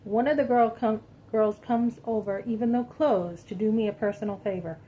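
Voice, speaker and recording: A woman's voice: on the high side, moderate pace, muffled recording, a little hiss or hum. Chatty, indignant woman telling a story. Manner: animated, indignant, chatty with asides to viewers. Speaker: vlogger. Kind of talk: casual storytelling to camera.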